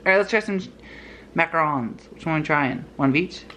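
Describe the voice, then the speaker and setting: A man's voice: on the high side, fairly quick, sharp tone, slight background noise. A young man chatting playfully while shopping in a home goods store, laughing often as he films. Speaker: vlogger. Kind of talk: casual vlog chat while shopping.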